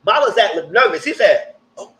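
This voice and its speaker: A young man, hosting a live reality TV recap in casual commentary with animated, exaggerated re-enactments. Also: high voice, moderate pace, rough recording.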